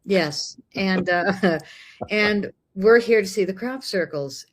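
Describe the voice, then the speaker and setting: A woman's voice: medium pitch, takes it slowly, a little hiss or hum. A middle-aged woman from the United States telling a personal story in casual conversation, acting out the voices of people she met. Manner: lively, animated, acts out dialogue. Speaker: guest.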